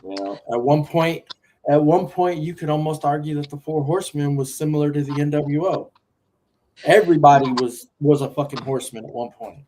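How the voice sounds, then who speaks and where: A man's voice: a little high, brisk, a little mellow, slight background noise, low-quality recording. A man co-hosting a casual wrestling talk show, arguing his point with lists of names and some swearing. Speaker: podcast co-host.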